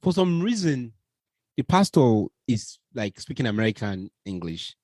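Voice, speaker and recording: A man's voice: mid-range voice, sing-song, measured pace, a little mellow, dry recording. A man, co-hosting a podcast in casual, wry conversation and asking follow-up questions. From Nigeria. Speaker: podcast co-host. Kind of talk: casual chat.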